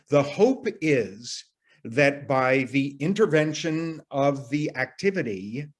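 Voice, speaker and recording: A man leading an arts workshop, explaining ideas earnestly in a casual teaching voice, sometimes restarting sentences as he thinks aloud. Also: fairly high pitch. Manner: casual phrasing with occasional mild profanity. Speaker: workshop leader. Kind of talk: teaching talk to workshop participants.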